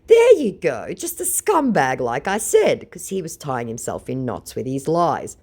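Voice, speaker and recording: A woman's voice: low voice, wildly swooping pitch, unhurried, darkish tone, husky. A woman reading out a chat exchange with a scammer and commenting on it, in a sarcastic, mocking manner. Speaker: scam baiter.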